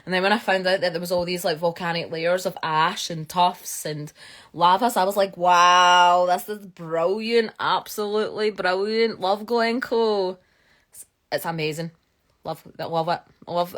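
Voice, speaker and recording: Chatty Scottish woman on a live stream. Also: lowish voice. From Scotland. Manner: chatty and enthusiastic, many fillers. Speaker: geologist hosting a live stream. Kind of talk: casual live-stream chat. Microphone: phone.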